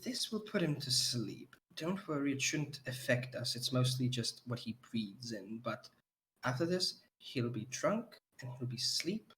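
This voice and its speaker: A man voicing a calm, knowing woman who keeps potions, speaking in a hushed, soothing tone in a tabletop game. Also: sits high, racing, few pauses, a little hiss or hum, pitched above the performer's own voice, natural voice, rough recording. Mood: reassuring.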